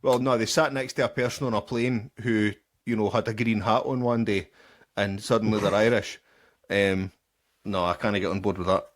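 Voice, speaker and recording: Scottish male co-host, rambles and swears, lowish register. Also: steady tone, moderate pace. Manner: rambling, sweary, many restarts. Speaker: podcast co-host. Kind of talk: casual chat.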